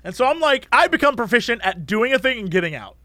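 High-voiced man ranting in casual chat. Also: quick pace, no echo. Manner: expressive, exaggerated rants with impressions.

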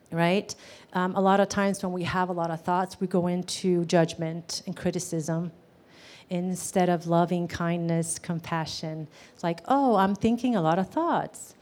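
Woman therapist teaching a live class, lowish voice, chatty, asks the room questions. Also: darkish tone. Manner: conversational, questions to the audience, many "um"s and "right?".

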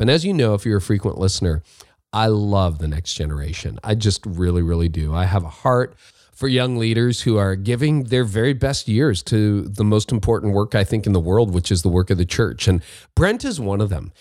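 A man's voice: on the low side, animated, brisk, a little mellow, dry recording, studio quality. A man with a Canadian accent hosting a podcast, talking in an upbeat, chatty way with little asides. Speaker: podcast host. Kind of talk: casual solo monologue.

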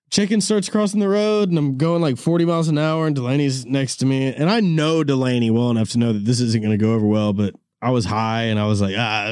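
A man's voice: mid-range voice, a little mellow, dry recording, studio quality. A man hosting a podcast who tells casual, rambling stories and swears freely. He laughs often and calls people "dude" in a laid-back way. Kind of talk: casual storytelling chat. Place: studio room. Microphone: studio mic with cord.

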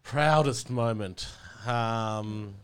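An Australian comedian chatting on a podcast in a laid-back, meandering way, swearing freely. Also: male voice, medium pitch, drawn-out words, clean tone. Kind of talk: casual podcast chat.

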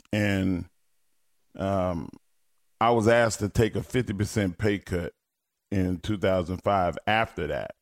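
Lower-voiced male guest, ex-wrestler, lively storyteller who swears freely. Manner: animated storyteller, swears, laughs, acts out quotes loudly. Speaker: guest, former pro wrestler. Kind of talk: casual storytelling on a podcast.

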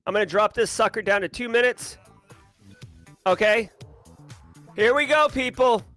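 A man with a high, bright voice hosts a live stream in an energetic, casual way, calling out viewers with a playful sing-song lilt. Music plays softly behind him. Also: a little slow. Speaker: livestream host.

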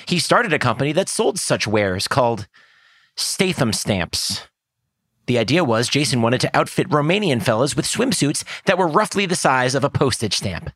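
A man's voice: mid-range voice, bright, forceful tone, dry recording, clean studio sound. A man hosting and acting in comedy sketches with a blustery, self-absorbed manner.

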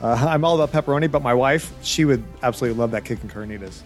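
A man's voice: mid-range voice, rapid-fire, faint music behind. A man hosting a casual interview, upbeat and easygoing, asking questions and making light jokes. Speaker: interviewer host.

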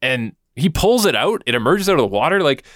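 A man's voice: fairly high pitch, big pitch swings, brisk, a bit bright, dry recording, clean studio sound. A man co-hosting a casual podcast chat, playful and joking in his asides. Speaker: podcast co-host.

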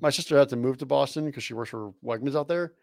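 A man's voice: medium pitch, fast talker, gravelly, darkish tone, no echo, clean studio sound. A man co-hosting a podcast, blunt and laid-back, swearing freely in casual chat. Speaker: podcast co-host.

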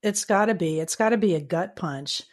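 Woman interviewer, slightly low voice. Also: moderate pace, darkish tone. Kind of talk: conversational interview.

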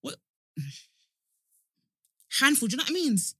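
A woman's voice: high-pitched, lively intonation, measured pace, sharp tone, no room sound, clean studio sound. A woman co-hosting a podcast, chatting casually with lots of laughs and slang. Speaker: podcast co-host. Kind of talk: casual chat.

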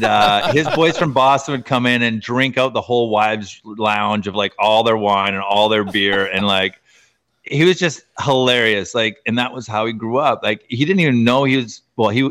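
A man's voice: on the low side, a bit bright. A man, a former pro hockey player, telling stories as a guest in a casual interview, rambling with many restarts.

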